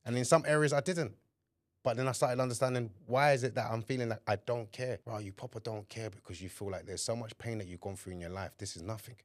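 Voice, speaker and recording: A man's voice: medium pitch, steady tone, fast, dry recording, clean studio sound. A man co-hosting a podcast, talking frankly in slang and acting out his own inner voice. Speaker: podcast co-host. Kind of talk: candid conversation.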